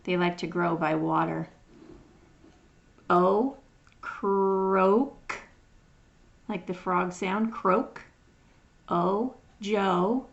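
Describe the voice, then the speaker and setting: A woman teaching phonics, sounding out words one at a time in a patient, drawn-out way as she reads through a lesson. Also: fairly low pitch, fairly even intonation, gravelly, lo-fi sound. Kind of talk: slow phonics lesson reading.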